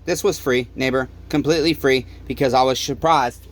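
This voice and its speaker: In a mid-range voice at normal speed with fairly even intonation, a man who runs a small-engine repair shop delivers a profane, repetitive rant to the camera. He sounds heated and keeps pleading.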